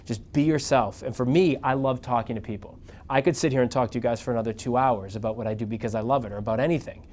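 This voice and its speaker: A middle-aged man, a news anchor, telling career stories to an audience in a casual, animated way and acting out the voices he quotes. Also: mid-range voice, quick pace, a little hiss or hum. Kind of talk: casual storytelling talk to an audience.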